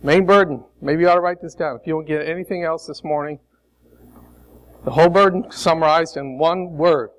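A man's voice: on the high side, brisk, low-quality recording. A male preacher from Chicago giving a sermon, leading the congregation in call-and-response with a coaxing, emphatic, joking manner. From Chicago, United States.

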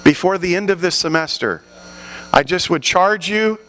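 A man with a high-pitched voice preaches an animated sermon to a congregation at normal speed, often building up to loud, fervent exhortations. The recording is rough.

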